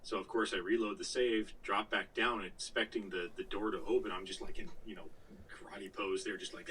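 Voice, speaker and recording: Low-voiced man telling a rambling gaming story. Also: steady tone, brisk, bright, forceful tone, recorded from a distance, a little hiss or hum, low-quality recording. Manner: rambling storyteller with frequent fillers and swearing. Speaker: podcast co-host. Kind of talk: casual gaming chat.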